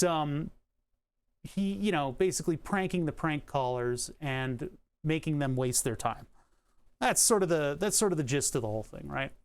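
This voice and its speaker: A man with a fairly high voice talks loosely through a repair on a livestream. He rambles and drifts into asides, with lots of fillers and the odd laugh. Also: clean tone. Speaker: streamer. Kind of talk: casual livestream talk while repairing electronics.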